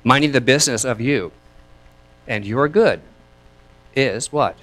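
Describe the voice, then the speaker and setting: A man preaching a sermon as minister, chatty and lively, laughing between thoughts and leading his congregation in repeating lines. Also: mid-range voice, unhurried. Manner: leads the congregation in call and response.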